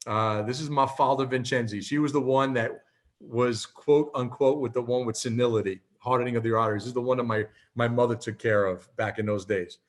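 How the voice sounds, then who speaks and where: A man in his fifties giving a motivational talk, an animated storyteller who keeps checking in with "okay?". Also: medium pitch, brisk. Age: 50s. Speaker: presenter.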